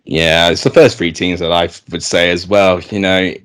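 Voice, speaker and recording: Young man, somewhat low voice, chatty host, casual talk. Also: little pitch movement, moderate pace, fairly bright tone, clear, resonant tone. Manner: chatty, lots of "you know" fillers. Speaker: host of a football channel chat. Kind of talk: casual chat.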